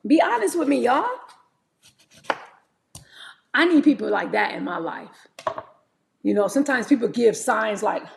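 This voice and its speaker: Gravelly-voiced woman in her forties, chatting. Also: a little high, expressive, a little slow, pauses often, a little hiss or hum. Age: 40s. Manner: chatty and candid, often calls viewers "y'all". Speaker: livestream host. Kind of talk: casual livestream chat while preparing fruit.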